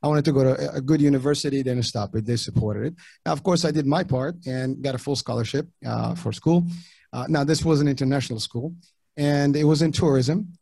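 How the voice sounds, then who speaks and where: A middle-aged man from Morocco, whose first languages were French and Arabic, talking casually as an interview guest in halting sentences with many restarts. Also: medium pitch, gravelly, dark tone, slightly rough, dry recording. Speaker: podcast guest.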